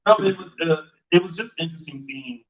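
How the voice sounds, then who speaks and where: A man hosting a casual live interview, asking questions in a halting way full of fillers. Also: on the high side. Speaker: podcast host interviewing guests. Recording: muffled live stream audio, distant mic.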